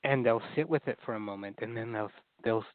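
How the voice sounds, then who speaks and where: A man's voice: medium pitch, fairly quick, no echo, phone-quality sound. A man speaking as a therapist guest in an interview, explaining ideas in an earnest way and acting out inner critical voices.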